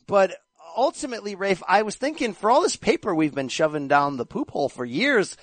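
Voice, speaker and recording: A man's voice: high-pitched, sing-song, brisk, no echo. A man hosting a casual boxing chat show, joking and bantering with his co-host. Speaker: podcast host.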